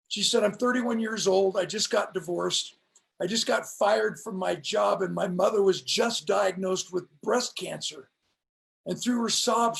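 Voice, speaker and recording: A middle-aged man with a strikingly gravelly voice that sits high for a man. He speaks like a motivational preacher, slowing down hard on his key lines as he tells stories in an interview. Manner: emphatic, preacher-like cadence with slowed punch lines. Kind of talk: storytelling on a live stream interview.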